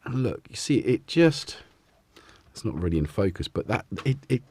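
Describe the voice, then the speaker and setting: A man's voice: on the low side, big pitch swings, normal speed, dark tone, husky. A man hosting a casual live stream from his home music studio, rambling and chatting to his cats as he goes. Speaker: livestream host.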